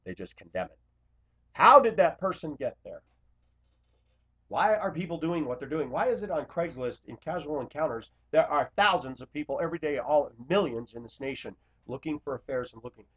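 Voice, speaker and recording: A man speaking to camera in an impassioned confessional monologue, blunt and confrontational, swinging between loud outbursts and quiet asides. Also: on the high side, animated, normal speed, slightly rough. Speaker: Christian video blogger. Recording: dull lo-fi recording.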